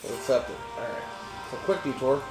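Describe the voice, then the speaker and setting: A man's voice: medium pitch, expressive. A man with a Texan accent, casually commenting and reading dialogue during gameplay. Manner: rambling, reads lines aloud fast. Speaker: gamer reading game dialogue. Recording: echoey room, game music behind.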